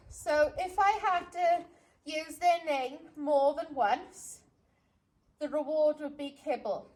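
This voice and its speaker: A woman's voice: high-pitched, slight background noise. A woman dog trainer explaining recall step by step, stopping now and then to call and praise her dogs. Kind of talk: outdoor training demonstration.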